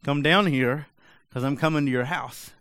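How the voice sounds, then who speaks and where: A man's voice: medium pitch, normal speed, fairly bright tone, smooth, no echo, natural voice. A man doing a friendly teacher calling someone down. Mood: inviting.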